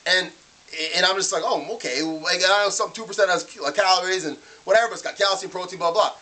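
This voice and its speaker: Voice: mid-range voice, quick pace, bright, forceful tone. A vlogger ranting casually and in disbelief, acting out their own past remarks in quotes. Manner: exasperated, incredulous ranting. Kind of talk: casual ranting vlog monologue.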